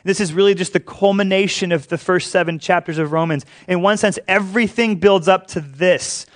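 A man with a slightly higher-than-usual voice delivers a sermon as a pastor. He speaks earnestly, repeating key lines for emphasis and often sinking to a near hush.

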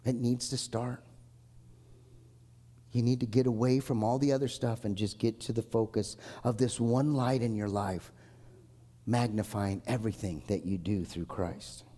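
A man preaching a live sermon in a church hall, earnest and emphatic, swinging between forceful lines and hushed ones. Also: medium pitch, steady tone, a little slow. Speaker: pastor. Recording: long hall reverb from a church.

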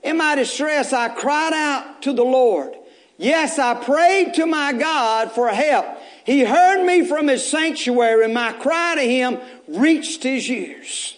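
Speaking slowly in a very high-pitched voice, a man preaches on Easter. He repeats phrases to rouse the congregation, cuts in with casual humor, and exhorts them in a repetitive way that flares up in bursts of intensity.

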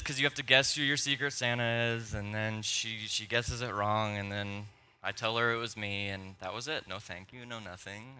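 Bright-voiced young man preaching. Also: lowish voice, clean tone. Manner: storytelling, animated and conversational, with laughs. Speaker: pastor. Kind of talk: sermon with personal stories.

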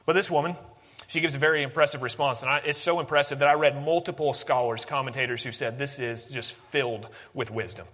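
A man preaching a sermon, swinging from animated emphasis to hushed, intense lines. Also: mid-range voice, brisk, in a large hall. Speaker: pastor.

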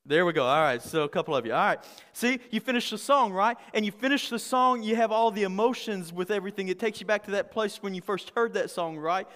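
A man's voice: sits high, quick pace, hardly any pauses, a bit bright, long reverb tail. A male pastor preaching a conversational sermon, often repeating words and asking the congregation questions.

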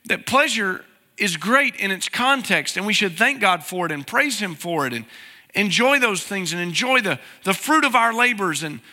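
A man with a high, bright voice preaches as a pastor in a big-sounding room, his tone forceful. He keeps things conversational, putting plain questions to the congregation.

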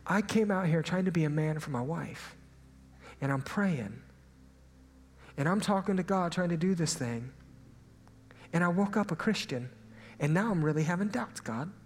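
A young man preaching with a slightly raised pitch, carried on a long hall reverb. He tells his story animatedly, sometimes drops to a hushed aside, and faint ambience hangs underneath. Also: expressive, normal speed, long pauses, slight background noise. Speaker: pastor. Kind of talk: sermon.

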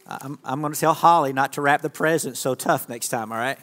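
A pastor speaks fairly quickly in a medium-pitched, slightly bright voice. Standing on a church stage, he runs an interactive sermon, casually chatting and joking with volunteers and the audience. The church hall adds a long reverb.

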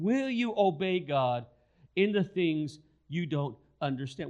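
A man's voice: high-pitched, sing-song, unhurried, dark tone. A man preaching a sermon, telling a story and repeating key phrases for emphasis. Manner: storytelling, acts out quoted voices.

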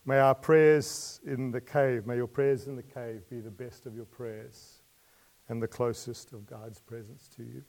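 A man preaching a sermon. He asks his listeners questions, laughs lightly between points, and moves from quiet asides to loud emotional pleas. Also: mid-range voice, flat delivery, measured pace, creaky.

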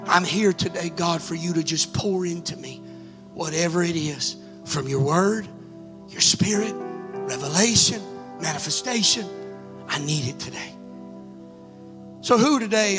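A man preaching a Pentecostal altar-call sermon in a church, fervent and building to urgent exhortation. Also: sits high. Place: church sanctuary.

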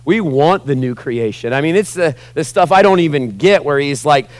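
Animated male preacher, lightly raised voice. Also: fairly high pitch, normal speed, dry recording. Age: 40s. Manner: animated, acts out groaning and prayers, questions the congregation. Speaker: pastor. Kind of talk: sermon.

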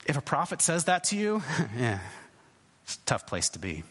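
Male preacher, chatty sermon delivery with animated pitch and restarts; recorded with long reverb from a hall. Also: takes it slowly, pauses often. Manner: conversational, hesitant restarts, acts out quoted voices.

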